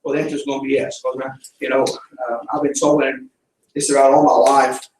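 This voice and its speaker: A man's voice: medium pitch, flat delivery, fairly quick, darkish tone, slight background noise. A middle-aged man with a Southern accent, a missionary giving a folksy, fervent presentation to a church. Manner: folksy storytelling, fervent preaching. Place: church sanctuary. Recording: echoey church room from a distance.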